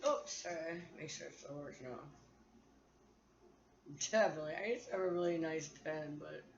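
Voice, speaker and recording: A woman's voice: low voice, normal speed, dull audio, a little hiss or hum. A woman vlogger talking to her phone in a candid, profane, rambling monologue.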